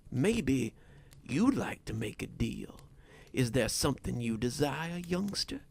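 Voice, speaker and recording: A man voicing a tall, inhuman male creature who makes deals, speaking in a hushed, creeping whisper. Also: medium pitch, very animated, slow pace, gravelly, slightly rough, exaggerated voice. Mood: sinister whisper.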